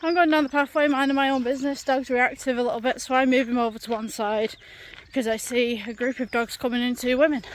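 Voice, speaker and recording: A woman's voice: high-pitched, fairly even intonation, fast, hardly any pauses, slight background noise. A British woman vlogging outdoors on a countryside path while walking her dog, telling an exasperated, chatty story with lots of fillers. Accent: British English. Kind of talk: ranting storytime vlog.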